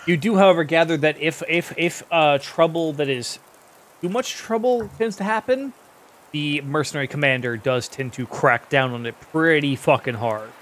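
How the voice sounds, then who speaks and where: A man's voice: fairly high pitch, normal speed, fairly bright tone, slight background noise. A man running a tabletop game as game master, describing the scene in a casual, swearing way.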